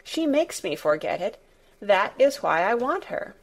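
A woman reading the part of a sickly, demanding young boy in a storybook, a little higher than her narrating voice. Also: very animated, measured pace. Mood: imperious. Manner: demanding, petulant.

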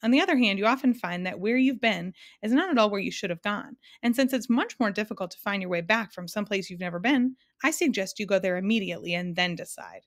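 A woman's voice: mid-range voice, animated, fast, few pauses, close to an everyday voice. A woman reading aloud and voicing a muddled, fussy middle-aged man in a storybook.

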